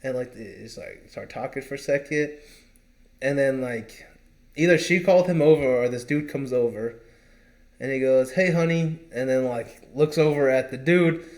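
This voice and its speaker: A man's voice: medium pitch, moderate pace, a little mellow. A man co-hosting a podcast, telling a long story in a rambling, casual way with lots of fillers. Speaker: podcast co-host. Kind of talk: casual chat.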